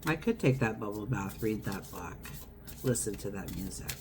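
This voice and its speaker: A woman's voice: a bass voice, lively intonation, moderate pace, noisy background. Chatty woman giving a tarot reading. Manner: chatty, wandering, acts out everyday scenes. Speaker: tarot reader. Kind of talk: casual tarot horoscope reading.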